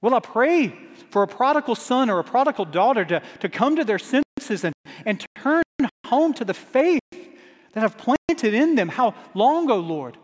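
High-voiced man preaching in a reverberant hall. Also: animated, normal speed. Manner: earnest preaching, rising urgency on repeated refrains. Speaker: pastor. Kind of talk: sermon.

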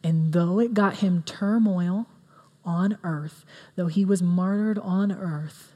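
A woman's voice: fairly low pitch, takes it slowly, warm tone. Earnest woman preaching in a reverberant hall. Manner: earnest, conversational with fillers. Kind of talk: sermon.

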